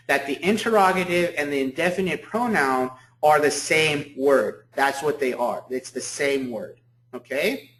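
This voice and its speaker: Male professor, slightly high voice, lecturing in an echoey room, repeats points, checks understanding. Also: fairly bright tone. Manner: repeats key points, asks "okay?" often. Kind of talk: university lecture.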